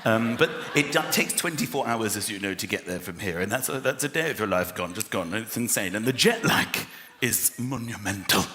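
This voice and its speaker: A man doing a stand-up comedy routine, animated, slipping into other voices and shouting punchlines. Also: lowish voice, a little fast. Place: large venue with a live audience. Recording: echoey live hall with loud crowd laughter.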